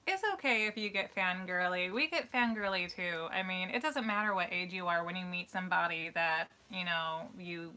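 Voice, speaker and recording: A woman co-hosting a live Q&A stream, chatting casually and telling stories in an animated way with easy laughs. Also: on the low side, moderate pace, hardly any pauses. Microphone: live-stream microphone.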